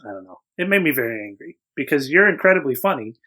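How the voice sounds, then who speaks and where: Male co-host, casual and blunt critic, slightly high, animated pitch. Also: quick pace. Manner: blunt, opinionated movie critic with many restarts. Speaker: podcast co-host. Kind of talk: casual chat.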